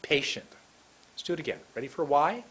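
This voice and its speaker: A man with a husky, slightly breathy voice teaches pronunciation at an unhurried pace. He says single words slowly and clearly, pausing for the listener to repeat them. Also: mid-range voice, animated, a bit bright, low-quality recording. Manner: slow, deliberate, drills single words aloud. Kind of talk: recorded lesson.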